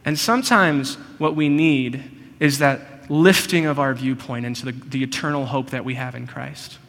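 A male pastor delivering a sermon in an earnest, personal way. His voice sits in the middle range, and he often slows right down on key phrases. The sound carries a long reverb, as in a large hall. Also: medium pitch, fairly bright tone.

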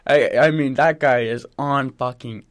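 A man's voice: mid-range voice, moderate pace. A man co-hosting a casual sports podcast, rambling with frequent swearing and restarts. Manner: rambling, swears often, self-interrupting. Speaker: podcast co-host. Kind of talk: casual chat.

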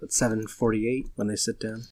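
A man in a casual podcast chat, explaining things in a measured way. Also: lowish voice, flat delivery, darkish tone, no echo. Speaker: podcast co-host.

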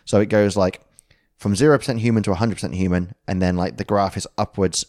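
A man's voice: lowish voice, fairly even intonation, quick pace, a little mellow, dry recording, clean studio sound. A man co-hosting a podcast, explaining a concept in casual chat, rambling and correcting himself with jokes along the way. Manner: jokey, rambling, self-correcting. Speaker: podcast co-host.

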